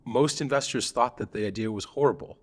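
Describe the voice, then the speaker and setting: A man's voice: mid-range voice, fairly quick. A man co-hosting a casual talk about startups, telling stories animatedly, acting out quoted founders and laughing often. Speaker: startup advisor, co-host. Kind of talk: casual conversational podcast.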